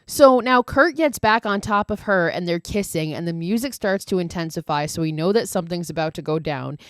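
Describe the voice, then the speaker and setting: A woman's voice: on the low side, lively intonation, brisk, smooth, dry recording, clean studio sound. A woman hosting a podcast, casually recapping a film with lots of swearing and gushing asides. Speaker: podcast host.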